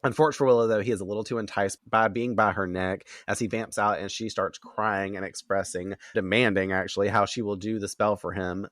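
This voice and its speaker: A man hosting a podcast in a casual chat, animated and profane, laughing often and acting out quotes from characters. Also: lowish voice, fast talker, hardly any pauses, no echo. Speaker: podcast host recapping an episode.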